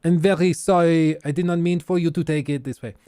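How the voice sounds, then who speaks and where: A man's voice: on the high side, fairly even intonation, brisk, mellow, clear, resonant tone, dry recording, studio quality, lightly acted. A man putting on a bad French accent to mock a male company boss who offers a sheepish, grovelling apology. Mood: mock apologetic. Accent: French, put on badly.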